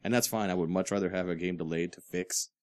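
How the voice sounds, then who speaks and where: A man's voice: sits low, fairly even intonation, fast, no room sound, studio quality. A man co-hosting a casual podcast, ranting and cursing in frustration. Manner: profane, ranting, exasperated. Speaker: podcast co-host. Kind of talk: casual chat.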